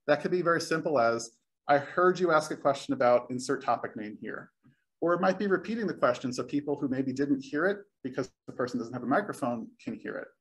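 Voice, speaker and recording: Friendly reassuring man giving a talk. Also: on the high side. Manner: friendly, reassuring, occasionally self-deprecating. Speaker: speaker giving a talk on presenting. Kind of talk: recorded talk.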